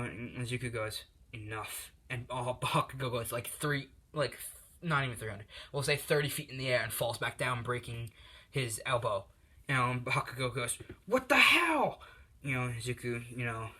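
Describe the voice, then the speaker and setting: A man's voice: mid-range voice, sharp tone. A man casually telling a fan story, rambling with lots of fillers and restarts.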